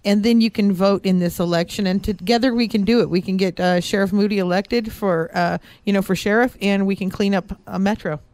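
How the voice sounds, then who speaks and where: A woman's voice: mid-range voice, steady tone, fairly quick, few pauses, darkish tone, dry recording. A woman co-hosting a radio talk show, speaking in an upbeat, encouraging way. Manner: upbeat, encouraging, campaign-minded.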